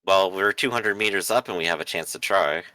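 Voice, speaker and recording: A man's voice: low voice, fairly quick, sharp tone, no room sound, poor audio. A man playing a tabletop game, thinking aloud and asking practical questions about the plan. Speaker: player. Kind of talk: casual tabletop game talk.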